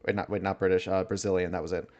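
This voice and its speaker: Casting: man with a lowish voice, relaxed livestream chatter, thinks out loud, frequent chuckles. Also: rapid-fire, dull audio. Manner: musing aloud, chuckling often. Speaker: livestreamer reading chat. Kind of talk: casual livestream chat.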